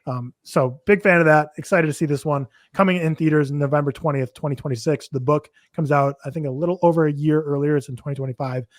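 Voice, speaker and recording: Fast-talking man hosting a podcast. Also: a little high, fairly even intonation, no echo, clean studio sound. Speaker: podcast host. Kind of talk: casual movie podcast chat.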